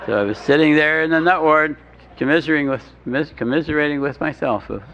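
A man's voice: on the high side, fast. Wry man telling his story, lo-fi. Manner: wry, self-mocking, chuckles while telling. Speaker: speaker sharing his recovery story. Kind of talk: humorous personal storytelling. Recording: dull lo-fi recording with faint hiss.

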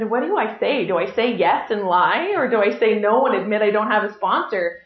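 Sharing at a recovery meeting, a middle-aged woman gives her personal testimony with lively self-mockery, acting out what people said. Her mid-range voice moves briskly with hardly any pauses. The room is echoey and the sound is dull and lo-fi.

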